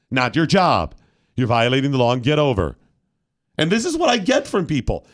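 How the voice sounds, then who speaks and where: A man hosting a talk show, ranting with mock solemnity and breaking into loud indignant outbursts. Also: a little high, sing-song, normal speed. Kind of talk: comic rant on a talk show.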